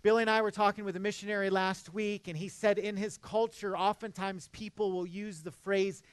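Pastor, man, 30s, high voice, earnest conversational sermon, dry close mic. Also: little pitch movement, brisk, clear, resonant tone, no echo. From Midwest United States. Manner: earnest, conversational preaching with frequent restarts.

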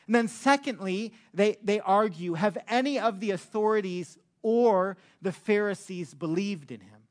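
A male pastor preaching a sermon with emphatic, drawn-out words for stress. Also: high voice.

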